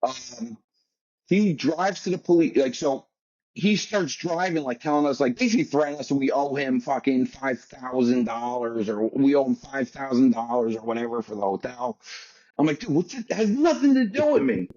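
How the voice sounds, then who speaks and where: A husky American man tells a wandering story in fast, profane bursts, full of filler words. His voice is a little breathy and sits in the middle range. The sound is dull and lo-fi, like call audio. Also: medium pitch, a little mellow. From United States. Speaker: guest. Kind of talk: casual storytelling.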